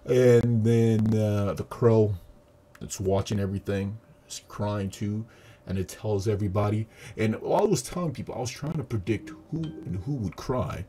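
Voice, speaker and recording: Low dark-voiced man ranting a review. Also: moderate pace. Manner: profane, animated retelling with acted quotes. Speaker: video reviewer. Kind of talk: casual movie review. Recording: audio static.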